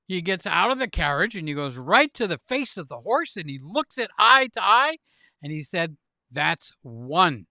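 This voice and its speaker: A man hosting a livestream, chatting with guests and telling silly jokes in an animated way while laughing at them. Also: high voice, moderate pace, gravelly, no echo, studio quality. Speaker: livestream host. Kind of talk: casual chat with guests.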